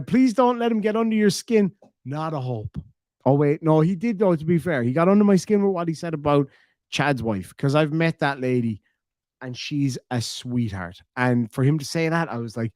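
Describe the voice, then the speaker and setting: An Irish man hosting a livestream, reading out super chats in casual chat, swearing freely and thanking donors warmly. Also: on the high side, no echo, studio quality.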